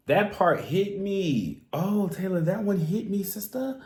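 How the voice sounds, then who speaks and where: Animated man reacting to songs in an echoey room. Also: sits high, slow pace. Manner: animated, theatrical, talks to the singer directly. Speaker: music reaction host. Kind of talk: casual song reaction commentary.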